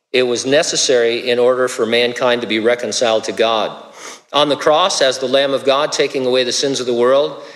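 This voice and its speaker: A man's voice: medium pitch, fairly bright tone, long reverb tail. A male pastor preaching a sermon in a casual, conversational way, with stammered restarts.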